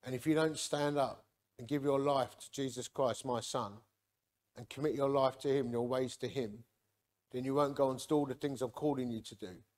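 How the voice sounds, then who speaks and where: A man quoting a preacher who speaks solemnly as if God is talking, in a hushed, grave, commanding way. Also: medium pitch, fairly even intonation, moderate pace, voice pushed down, close to an everyday voice.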